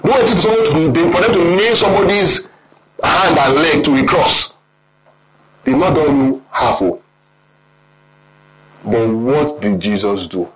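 A man with a Nigerian accent preaching a sermon, animated and often quizzing the congregation. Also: medium pitch, normal speed, long pauses, rough recording.

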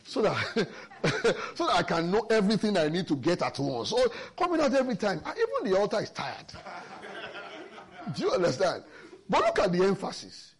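A man with a high voice preaches a sermon at a moderate pace. He explains scripture in a lively, emphatic way and weaves in personal stories.

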